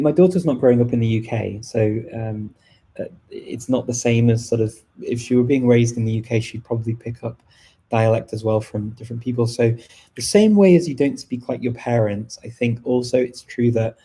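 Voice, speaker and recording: A middle-aged man chatting casually on a live stream, thoughtful and rambling, with frequent pauses and restarts. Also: mid-range voice, mellow, breathy edge. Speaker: language channel host.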